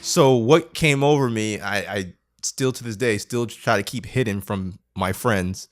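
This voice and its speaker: A young man, a podcast co-host, telling a story in casual chat and acting out quotes, laughing often. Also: unhurried. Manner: animated, acts out quotes with big pitch jumps, laughs often.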